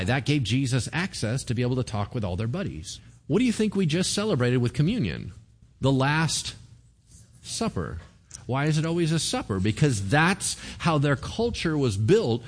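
A middle-aged man preaching a sermon in a casual, conversational way, acting out short exchanges between people. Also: medium pitch. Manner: conversational, animated, acts out little dialogues. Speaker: pastor.

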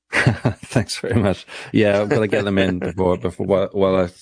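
A man's voice: deep voice, little pitch movement, normal speed, no room sound. A man with an English accent, a guest author on a radio show, talking reflectively with chuckles and frequent restarts. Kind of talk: radio interview.

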